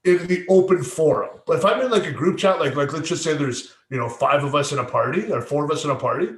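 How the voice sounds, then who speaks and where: A man's voice: fairly high pitch, lively intonation, fast talker, echoey room. A man co-hosting a casual late-night stream, stammering and repeating words, swearing freely. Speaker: podcast co-host.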